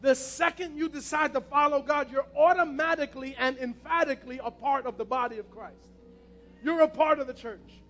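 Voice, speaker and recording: A man's voice: very high-pitched, a little fast, fairly bright tone, faint music behind. A man preaching a passionate sermon as pastor, repeating his key phrases.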